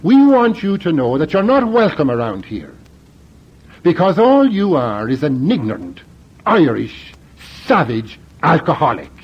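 A man's voice: fairly high pitch, very animated, unhurried, slightly rough, exaggerated voice. A man doing a blunt, hostile young man. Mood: accusing. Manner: blunt, accusing. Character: hostile young man around twenty, confronting. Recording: dull lo-fi recording.

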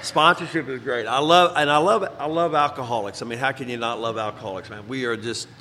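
Bright-voiced man, casual, in a reverberant room. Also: medium pitch, a little fast, a little hiss or hum. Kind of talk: casual chat.

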